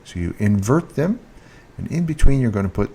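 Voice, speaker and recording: A man giving a casual French lesson, speaking slowly, repeating each French word and stressing it, recorded on a handheld mic. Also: medium pitch, very animated, vocal fry, mellow, slight background noise. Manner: slow, repeats French words with rising emphasis. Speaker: French teacher. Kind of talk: casual online language lesson. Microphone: handheld mic with earphone monitor.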